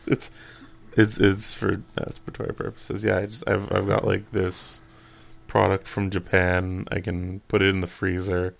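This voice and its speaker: A man's voice: sits low, completely flat delivery, moderate pace, vocal fry. A young man co-hosting a podcast, rambling and making crude jokes with lots of fillers. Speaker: podcast co-host. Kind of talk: casual podcast chat.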